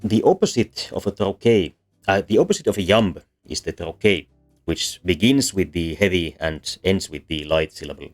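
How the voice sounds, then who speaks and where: A man's voice: low voice, expressive, moderate pace. A man giving a casual, hesitant lecture on linguistics, with frequent ums and restarts. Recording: soft background music under voice.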